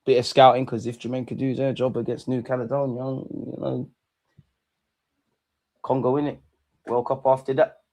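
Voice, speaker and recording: A man's voice: mid-range voice, normal speed, long pauses. Slangy young man hosting a watch-along. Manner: slangy, animated, bursts of excitement. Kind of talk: live football watch-along commentary.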